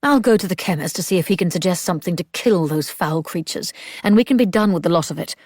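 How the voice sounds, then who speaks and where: A woman doing a brisk practical older lady. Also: on the low side, lively intonation, a little mellow, no echo, studio quality.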